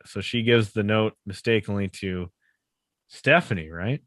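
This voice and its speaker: A man's voice: fairly low pitch, moderate pace, a bit bright, no room sound. Guy on a podcast mic chatting through an old sitcom plot, laughs a lot, dry close sound. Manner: laughs often, acts out characters' lines. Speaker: podcast co-host. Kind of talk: casual chat recapping a sitcom episode. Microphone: podcast microphone.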